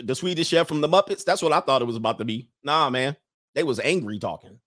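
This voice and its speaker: A man's voice: a little high, animated, fast talker, a bit bright, no room sound, studio quality. Laughing man ranting on a livestream. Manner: laughs often, loose slangy storytelling; reads out viewer comments. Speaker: livestream host addressed as Coach. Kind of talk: casual comedic rant.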